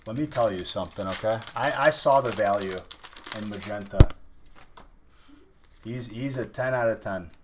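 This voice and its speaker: A man's voice: lowish voice, moderate pace, pauses often, very noisy. A man casually chatting on a live stream while opening card packs, teasing and thanking viewers.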